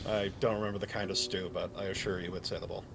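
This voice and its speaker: A man's voice: deep voice, flat delivery, quick pace, gravelly, slight background noise. A man playing a tabletop game, joking and hesitant with many ums. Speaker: player. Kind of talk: casual tabletop play.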